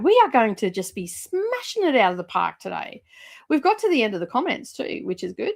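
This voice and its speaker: A woman's voice: a little high, sing-song, brisk, vocal fry. A middle-aged woman, chatting casually as host of a livestream, rambling with lots of fillers and laughs.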